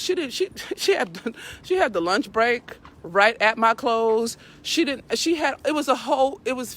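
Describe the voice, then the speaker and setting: Out walking a dog in an urban area, a blunt, profane woman hosts a casual live stream and preaches as she goes. Her voice is on the high side with a fairly bright tone.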